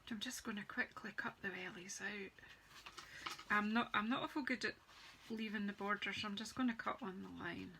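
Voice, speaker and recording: A woman's voice: mid-range voice, steady tone, moderate pace, gravelly, pushed and bright, slight background noise, rough recording. A woman chatting casually as she demonstrates card-making on a live stream, greeting viewers by name as she works. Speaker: craft demonstrator. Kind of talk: live-streamed craft demo chat.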